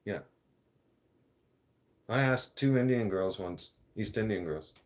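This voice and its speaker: A man with a somewhat low voice vents on camera in a loose, profane rant. He talks bluntly, circles back on himself and trips over his words as he goes. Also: lively intonation, slow pace. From Canada. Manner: blunt, profane, rambling with restarts. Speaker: vlogger. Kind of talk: ranting vlog.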